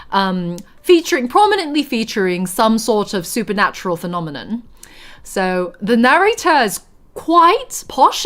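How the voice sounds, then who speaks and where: A woman streamer chatting casually on a livestream, giggly and answering chat as she talks. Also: on the high side. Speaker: game streamer.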